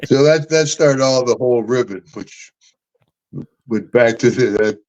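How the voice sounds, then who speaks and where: This podcast host is an older man whose unhurried, mid-range voice has a darkish tone, captured in a muffled recording. He rambles through stories in easygoing chat, laughing and addressing people as "brother" and "man."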